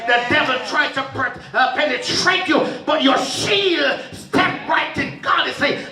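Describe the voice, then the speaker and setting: A male pastor preaching a sermon in a church sanctuary, emphatic and often rising into shouted refrains. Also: extremely high pitch, unhurried, few pauses. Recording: roomy church sound from a distant mic with faint music.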